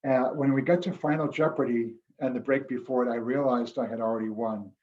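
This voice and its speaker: A man speaks with quiet earnestness, recounting a personal experience to an online club audience. His voice sits at an ordinary middle pitch, and the call audio is a little muffled and dull. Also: steady tone, brisk. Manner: earnest, reflective, occasionally emotional. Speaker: guest speaker, former quiz show champion. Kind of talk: storytelling talk at an online club meeting.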